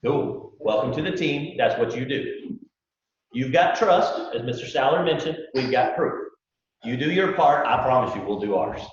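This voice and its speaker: A man gives a live sales pitch to a room of recruits, folksy and full of rhetorical questions, acting out little dialogues. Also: expressive, normal speed, a little hiss or hum. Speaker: business owner presenting to recruits. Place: large event room with live audience. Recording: echoey hall, distant mic, dull lo-fi.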